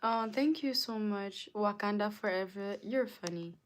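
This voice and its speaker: A woman's voice: mid-range voice, a little slow, slight background noise. A young woman from Africa chatting casually on a livestream, reading viewer comments aloud and answering them, with lots of "like". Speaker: livestream host.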